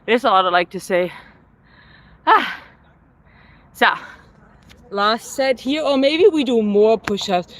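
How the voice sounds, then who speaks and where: A woman live-streaming her outdoor workout, chatting with viewers and counting reps out loud, a little winded at times. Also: fairly high pitch, expressive, takes it slowly, long pauses, dry recording. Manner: chatty, reads viewer comments aloud between sets. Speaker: fitness vlogger. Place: outdoors in a city. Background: faint traffic and street noise.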